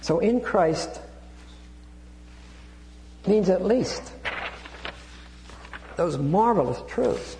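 Speaking very slowly with long pauses, a man delivers an expository Bible sermon in a high, warm, expressive voice. He teaches with frequent restarts, digressions and Greek terms, recorded in an echoey hall with a hum.

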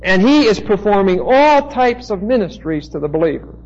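A man teaching a Bible passage as a preacher, slow and deliberate, pausing to spell out Greek words. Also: high voice, sing-song, darkish tone, dull audio.

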